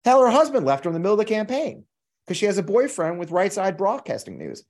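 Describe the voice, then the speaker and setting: A man's voice: sits high, wildly swooping pitch, fast, darkish tone. A middle-aged American man hosting a podcast, delivering heated, profane political commentary with emphatic repetition. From United States. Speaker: podcast host.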